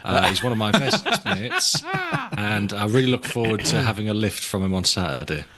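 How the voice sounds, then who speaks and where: A man's voice: fairly low pitch, big pitch swings, normal speed, a crowd in the background. A man co-hosting a podcast, chatting casually and teasing his friends. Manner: teasing, joking banter. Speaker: podcast co-host. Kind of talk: casual chat.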